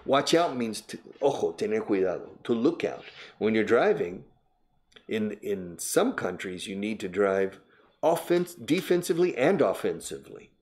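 An older man gives a relaxed, chatty English lesson. His voice sits a little low, and he slips into Spanish to explain words. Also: normal speed. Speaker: English teacher and host. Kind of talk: casual spoken English lesson.

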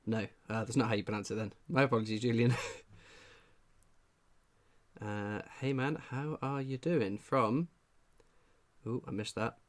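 A man's voice: lowish voice, measured pace, long pauses. A man with a cold, hosting a casual live stream, chatting and reading out viewer names. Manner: chatty, reads out viewer names, laughs a lot. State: has a cold. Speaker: livestream host. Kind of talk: casual livestream chat.

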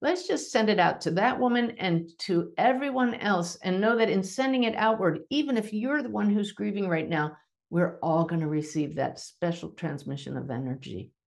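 A woman hosting a spiritual podcast Q&A, calm and reassuring, who sometimes slows her speech on purpose. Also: low-pitched, creaky. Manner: calm, measured, slows down deliberately at times; gentle, reassuring. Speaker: podcast host and medium.

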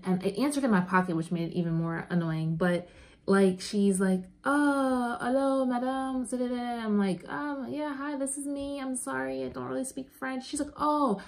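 Young woman, from New York, casual travel vlog, chatty and animated, outdoors, handheld camera. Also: fairly low pitch. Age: young adult. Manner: chatty, animated storytelling, playful asides. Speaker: vlogger. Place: outdoors in a beach town.

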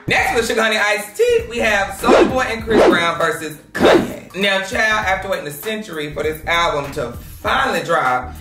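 Loud, laughing woman gossip host. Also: medium pitch, very animated, normal speed, echoey room, recorded from a distance, over music. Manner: loud, laughing, swearing, shouting. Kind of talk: loud casual gossip commentary.

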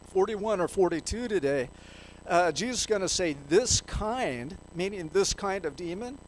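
A man's voice: high-pitched, slight background noise, poor audio. A man preaching a sermon in a church, reading scripture aloud and putting questions to the congregation. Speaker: pastor.

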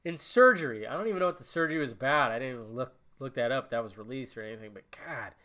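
This time the young solo podcast host sounds medium-pitched, animated, pushed and bright, and he talks fast. His casual show is rambling and emotional, full of frequent cursing.

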